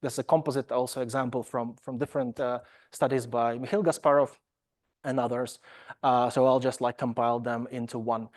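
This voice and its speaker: A man's voice: medium pitch, fairly even intonation, brisk, a little mellow. A man giving an academic lecture, talking hesitantly with many fillers and restarts, and slipping in wry asides about himself. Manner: wry self-deprecating asides.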